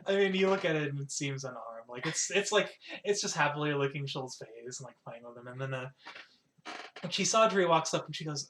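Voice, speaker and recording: A man game master who narrates a tabletop scene in a relaxed, improvised way. He leans on "like" and "kind of" a lot, and his voice sits a touch high. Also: moderate pace. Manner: casual, filler-heavy, says "like" and "kind of" often.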